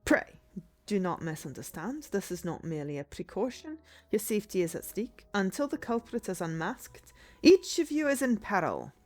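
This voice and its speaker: A woman voicing a formal, commanding male detective of old with a put-on Scottish accent, speaking slowly and gravely. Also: medium pitch, sing-song, a little mellow, faint music behind, close to an everyday voice. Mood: earnest. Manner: slow, grave and old-fashioned.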